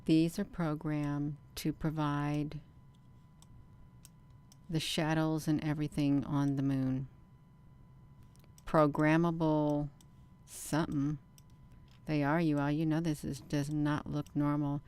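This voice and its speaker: Low-voiced woman, emphatic and animated. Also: slow pace, long pauses, clear, resonant tone. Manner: animated, repeatedly addresses viewers as "you all"; insistent, emphatic bursts. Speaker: channel host. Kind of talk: casual live commentary over camera footage.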